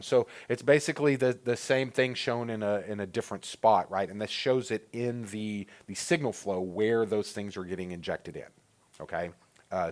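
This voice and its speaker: A man with a low, deep voice walks through audio software settings in a loose, conversational way. He talks casually and fills gaps with "uh" and "you know" as he explains each screen. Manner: relaxed, filler-heavy explaining. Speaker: presenter of a training webinar. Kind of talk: casual technical walkthrough.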